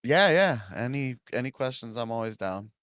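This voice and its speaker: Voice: mid-range voice, expressive, moderate pace, fairly bright tone, dry recording, clean studio sound. A guest in a casual podcast chat over a video call, easygoing and laughing along.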